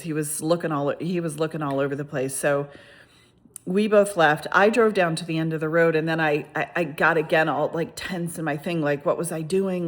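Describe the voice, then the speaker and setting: A woman with a slightly lower voice tells a personal story on her vlog. She rambles and restarts often, with lively, exclamatory asides. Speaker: vlogger telling a personal story. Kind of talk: casual first-person storytelling.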